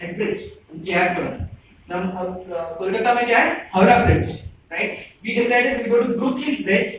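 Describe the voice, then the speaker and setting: A man's voice: extremely high pitch, expressive, racing, fairly bright tone, highs cut off, a little hiss or hum. A twenty-one-year-old man from Bangalore with an Indian English accent, giving a joking, informal speech to friends and tagging his sentences with "right?". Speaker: speaker addressing friends. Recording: echoey room, voice from far off.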